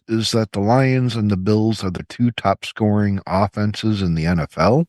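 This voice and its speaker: A man's voice: on the low side, measured pace, a little mellow, no room sound. A man co-hosting a casual podcast, joking crudely and rambling about sports and the news. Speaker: podcast co-host. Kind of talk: casual chat.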